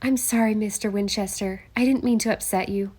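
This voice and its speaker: A woman's voice: medium pitch, steady tone, fairly quick, a little mellow, natural voice. A woman reading an audiobook and voicing a young woman detective who asks polite but persistent questions. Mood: conciliatory. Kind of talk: audiobook character voice.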